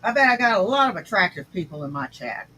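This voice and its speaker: A woman's voice: mid-range voice, big pitch swings, fast, pushed and bright, husky, low-quality recording. A woman hosting a livestream, reacting to clips with scornful, insulting commentary. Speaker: stream host reacting to clips.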